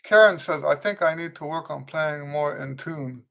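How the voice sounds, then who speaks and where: Easygoing male trumpet teacher, fairly high voice. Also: normal speed, creaky. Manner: relaxed and conversational, with frequent restarts and "okay?" check-ins. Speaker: trumpet teacher hosting a live Q&A. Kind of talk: casual livestream teaching, answering viewer questions.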